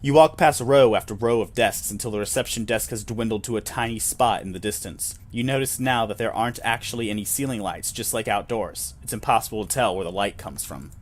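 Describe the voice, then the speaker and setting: A man's voice: fairly low pitch, a little fast, hardly any pauses, a little hiss or hum. A man reading a solo tabletop role-playing game aloud, narrating in second person with wry, self-deprecating asides.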